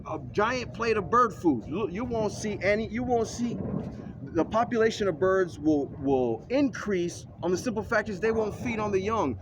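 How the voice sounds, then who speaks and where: A man's voice: high voice, expressive, moderate pace, noisy background. A man ranting argumentatively in a casual vlog, recorded in a vehicle.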